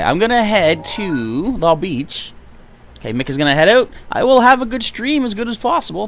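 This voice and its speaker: A man's voice: sits high, fairly bright tone. A man chatting to himself and his viewers while playing through a live stream, reacting as he goes. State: hiccuping. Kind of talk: gameplay live stream commentary.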